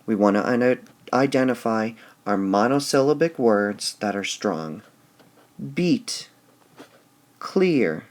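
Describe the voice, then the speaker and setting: A man teaching a recorded lesson, speaking slowly and deliberately and stressing syllables out loud as he explains. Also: fairly low pitch. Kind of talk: recorded lesson on poetic meter.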